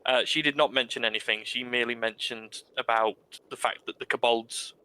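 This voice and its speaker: A man's voice: mid-range voice, brisk, smooth, poor audio. Hesitant male game master. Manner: relaxed, hesitant with many ums. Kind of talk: narrating a tabletop game.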